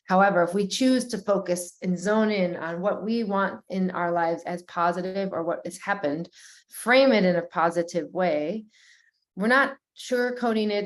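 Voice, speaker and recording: Gentle, slow-paced woman guiding breathwork. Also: fairly low pitch. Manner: slow, gentle and soothing, with pauses and restarts. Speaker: breathwork guide. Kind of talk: guided breathwork session.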